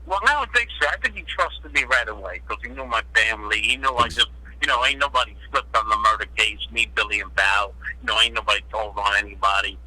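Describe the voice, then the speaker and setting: A man's voice: lowish voice, fast, pushed and bright, dry recording. A man, a guest telling blunt, profane stories in street talk, heard over a phone line. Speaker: guest, former mobster. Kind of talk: casual interview storytelling.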